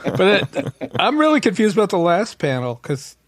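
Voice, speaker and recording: A man's voice: sits high, very animated, normal speed, no room sound. A man co-hosting a podcast, raising puzzled questions in casual chat. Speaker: podcast co-host.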